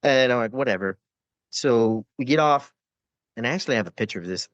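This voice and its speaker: Casting: male podcast guest, rough-edged storyteller, cursing freely, dry close sound with a dull top end. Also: mid-range voice, lively intonation, quick pace, dry recording. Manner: profane, rambling war stories with frequent fillers and laughs. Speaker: podcast guest, former Navy corpsman. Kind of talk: casual storytelling interview.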